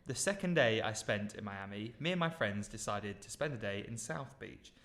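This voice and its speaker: A man co-hosting a relaxed podcast, chatting easily with his co-host. He reads listener stories aloud and keeps stopping for his own asides and tips. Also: fairly low pitch, normal speed. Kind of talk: casual chat.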